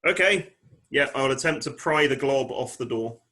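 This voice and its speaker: A man with a bright, forceful voice sits in on a tabletop game as a player. He declares his character's moves in quick, agreeable replies. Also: mid-range voice. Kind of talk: casual tabletop play.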